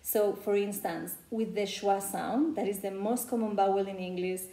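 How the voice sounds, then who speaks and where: A woman's voice: mid-range voice, fairly even intonation, moderate pace, dark tone. A woman from Spain with a Spanish accent, coaching English pronunciation in a loose, chatty way full of "you know". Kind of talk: casual teaching talk. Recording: echoey room.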